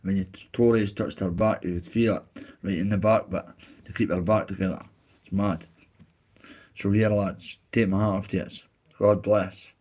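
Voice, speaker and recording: A man's voice: fairly low pitch, fairly even intonation, normal speed, a little mellow. A Scottish man chatting casually on a live stream, reading out chat messages in a blunt, candid way with plenty of swearing and heartfelt asides.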